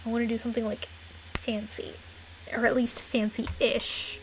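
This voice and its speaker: A woman streams a game while chatting casually, her voice a little high, her delivery flat, and her speed normal. She's giggly and rambling with lots of fillers, and her throat is getting a bit rough. A desk mic in a closed room picks her up with slight background noise.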